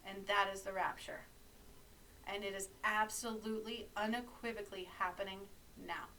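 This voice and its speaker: A woman speaking as a spiritual healer with urgent, preachy intensity. Her voice sits at an ordinary middle pitch. The mic is set back from her, and a faint hum runs underneath. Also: flat delivery, moderate pace, bright, forceful tone, recorded from a distance, rough recording. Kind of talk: monologue to camera.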